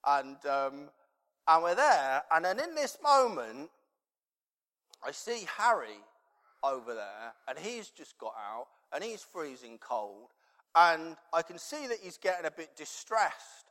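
A man's voice: a little high, sing-song, slow, fairly bright tone. A man preaching a sermon and telling a personal story in a conversational, rambling way, with many fillers. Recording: long reverb in a large hall.

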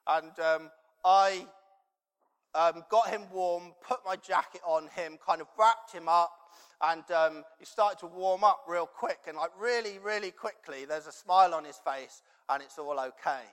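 A man's voice: fairly high pitch, a little slow, fairly bright tone, clean tone. A man preaching a sermon and telling a personal story in a conversational, rambling way, with many fillers. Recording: long reverb in a large hall.

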